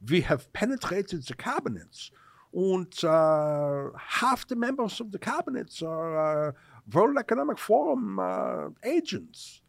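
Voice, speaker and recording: A man doing a boastful older man, mock German accent, high and lively. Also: unhurried, gravelly, no room sound, clean studio sound, heavily acted.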